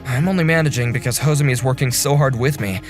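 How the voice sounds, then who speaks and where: A man voicing a calm, considerate section chief who narrates and talks in a reassuring, apologetic way. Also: medium pitch, fast talker, soft background music, natural voice. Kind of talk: first-person story narration in a dubbed animation.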